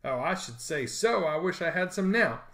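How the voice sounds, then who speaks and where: A man putting on a high, coy little schoolgirl. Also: lively intonation, normal speed, a bit bright. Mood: chatty. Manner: pleading, tearful, coy. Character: shy, moody little schoolgirl. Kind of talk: storybook reading.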